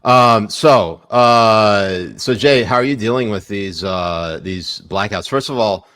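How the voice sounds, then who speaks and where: Male podcast co-host, low voice, dry close mic, joking banter. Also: slow pace, fairly bright tone, no room sound. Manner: joking, laughs often, reads tweets aloud. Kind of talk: casual chat.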